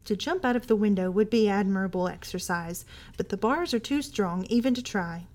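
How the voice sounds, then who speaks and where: A woman reads a first-person story aloud with intense, dramatic delivery. Her voice sits at an ordinary middle pitch. She sinks into hushed whispers, then rises into agitated bursts. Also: fairly quick. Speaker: library podcast reader.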